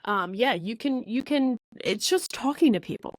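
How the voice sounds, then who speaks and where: A woman speaking as a networking coach in an interview, blunt and lively, acting out quoted conversations in sudden higher voices. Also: moderate pace, no echo. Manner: blunt, with occasional swearing. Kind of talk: candid interview talk.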